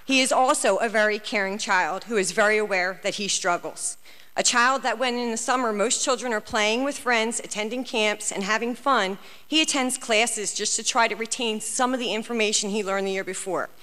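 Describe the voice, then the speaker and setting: In a large meeting hall with long hall reverb, a woman speaking as a parent gives an emotional, earnest prepared comment at a public school board meeting. Her mid-range voice is sharp in tone and moves at a moderate pace.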